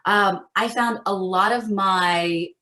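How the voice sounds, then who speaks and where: A woman teaching an acting master class over a video call, chatty and animated with frequent fillers. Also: medium pitch, slow.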